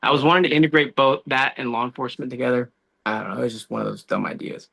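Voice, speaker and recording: Guest on a casual podcast: a man with a gravelly, bright voice telling animated, slangy stories. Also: medium pitch, very fast. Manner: animated storytelling, says dude and bro a lot. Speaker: guest, law enforcement officer.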